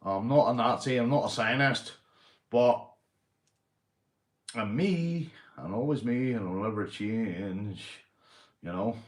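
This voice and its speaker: A Northern Irish man on a casual livestream, drinking beer as he talks, swinging from loud shout-outs to low, gruff muttering and swearing freely. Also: slow pace, pauses often, echoey room.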